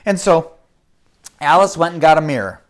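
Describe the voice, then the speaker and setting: A woman's voice: low voice, moderate pace. A woman telling a children's story at home to camera, speaking to the kids directly and acting out the action. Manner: lively, addresses kids directly, acts out the action. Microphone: camera mic.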